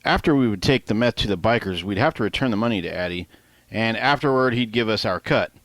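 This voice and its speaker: A man's voice: lowish voice, animated, quick pace, fairly bright tone, no room sound. A man reading his own first-person novel in a casual, conversational way, with offhand asides to the listener and some swearing. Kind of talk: first-person audiobook narration.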